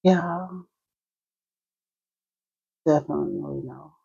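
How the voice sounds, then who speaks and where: Slow, musing New Jersey woman reading tarot. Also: sits low, expressive, warm tone, highs cut off. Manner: unhurried, musing, talks to the cards and spirit. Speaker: tarot reader. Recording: clear background noise.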